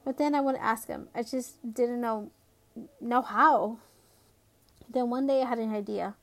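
Casual woman reader, a bit high, reads a novel with asides. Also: measured pace. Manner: casual, with spoken asides and restarts. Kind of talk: reading a novel aloud.

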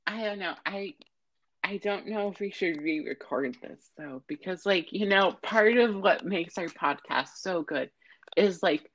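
Rambling low-voiced teen girl. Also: unhurried, poor audio. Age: late teens. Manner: rambling, hesitant. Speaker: podcast co-host. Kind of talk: casual chat.

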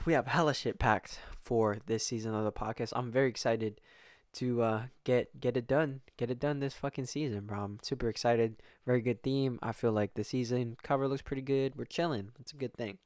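A young man hosts his own podcast solo, chatting and rambling casually with plenty of swearing and restarts. His mid-range voice keeps a moderate pace and fairly even intonation, captured dry at studio quality.

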